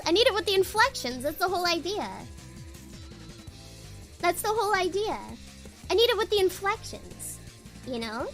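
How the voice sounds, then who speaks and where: A woman's voice: very high-pitched, big pitch swings, measured pace, long pauses, fairly bright tone, soft background music. A young woman streamer in casual chat, rambling and giggling often as she talks.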